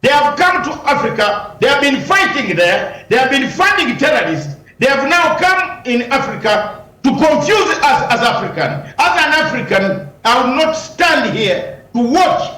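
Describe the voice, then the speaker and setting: A man's voice: very high voice, big pitch swings, moderate pace, hardly any pauses, sharp tone, roomy sound, low-quality recording. A man, a lawyer, arguing combatively in a heated news interview, firing rhetorical questions and raising his voice at times.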